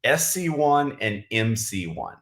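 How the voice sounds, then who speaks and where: A man's voice: lowish voice, big pitch swings, fairly bright tone, roomy sound. A man leading a casual livestream training for his sales team, rambling with lots of fillers and self-corrections. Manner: says he is talking really fast. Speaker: direct-sales team leader. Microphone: camera mic on livestream.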